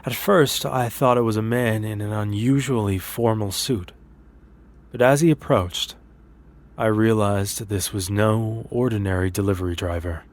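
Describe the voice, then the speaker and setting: A low-voiced man reads a scripted horror story in the first person. His delivery is measured and steady, with a sober, deliberate pace through the tense scenes. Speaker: narrator.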